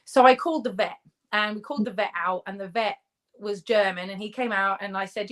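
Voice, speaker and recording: A woman from the UK talks as an interview guest at a middle pitch. She tells stories in a chatty way and laughs as she goes. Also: fairly quick. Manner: chatty, laughs mid-story. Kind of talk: casual interview storytelling.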